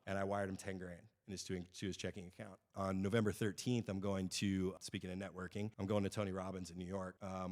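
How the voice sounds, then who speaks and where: Fast-talking low-voiced man telling stories. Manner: animated storyteller, acts out quoted dialogue. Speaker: guest, real estate broker. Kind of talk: casual interview storytelling.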